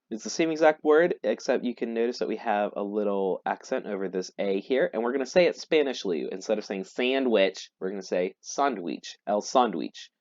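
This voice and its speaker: A lower-pitched man leads a vocabulary lesson, saying each word and then repeating it slowly. The recording is dull and lo-fi, and the room sounds dry and close. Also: darkish tone, no room sound. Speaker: Spanish teacher.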